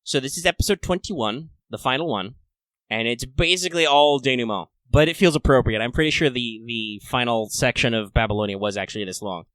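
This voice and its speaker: Male podcast co-host, bright tone, dry close sound, chatty and playful. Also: medium pitch, fairly quick, no echo. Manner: chatty, playful and upbeat, with excited asides. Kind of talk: casual fan discussion podcast.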